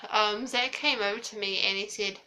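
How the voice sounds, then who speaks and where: Bright chatty woman telling a story. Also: medium pitch, fairly even intonation, moderate pace, a little hiss or hum. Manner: chatty, lots of fillers and quoted dialogue. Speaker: vlogger. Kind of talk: casual storytelling.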